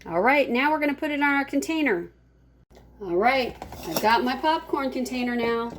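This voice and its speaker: A woman teacher showing children how to make popcorn, talking slowly and gently to her class. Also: high-pitched, expressive. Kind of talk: classroom cooking demo.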